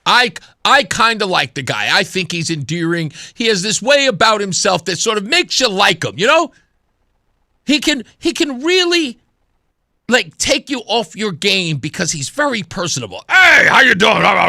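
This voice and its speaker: Animated sarcastic male talk radio host. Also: sits high, moderate pace, no echo, studio quality. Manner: animated and sarcastic, mimicking voices. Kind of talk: opinionated talk radio monologue. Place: radio studio. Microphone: studio microphone.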